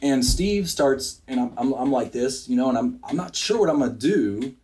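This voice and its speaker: A man in his sixties from Wisconsin, a business owner telling a story in a podcast studio interview, animated and acting out what people said. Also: medium pitch, normal speed. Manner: energetic, acts out quotes, frequent restarts.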